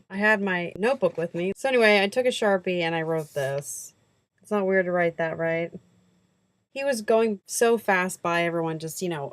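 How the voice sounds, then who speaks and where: A young woman vlogging in a chatty, self-mocking way, her voice sitting a little low. She tells stories and slips into quick acted-out lines of dialogue. The sound is close and dry, with no room echo. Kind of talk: casual festival vlog storytelling.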